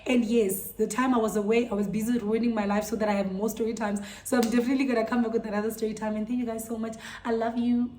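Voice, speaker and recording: A young woman, telling a storytime vlog to her viewers in an animated, incredulous way. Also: on the high side, quick pace, few pauses. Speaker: vlogger. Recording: echoey room.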